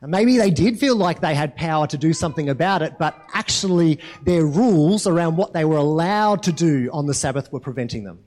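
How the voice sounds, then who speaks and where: A man with a fairly high voice gives a sermon in an easygoing, talky manner. He keeps putting questions to the congregation and tags his points with a quick "right?". The delivery sounds like a chat more than a formal address. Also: expressive, a little mellow. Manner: conversational, asks the congregation questions, frequent tag "right?". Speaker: pastor.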